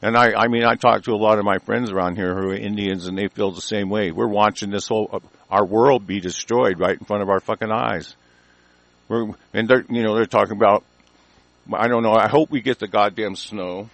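A man's voice: on the low side, steady tone, a little fast, vocal fry, no room sound. A middle-aged man calling in to a talk show, ranting in a heated, profane, rambling way with many restarts. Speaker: caller. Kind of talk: angry call-in rant. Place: rural mountain area.

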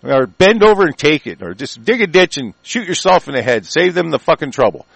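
A furious man from the United States rants and curses through his own broadcast, mocking as he goes. His voice sits a little high and gravelly, with heavy vocal fry, and the recording is dry with no room sound. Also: big pitch swings, fairly quick, fairly bright tone, no room sound, low-quality recording. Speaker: host of an online broadcast. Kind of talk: angry political rant.

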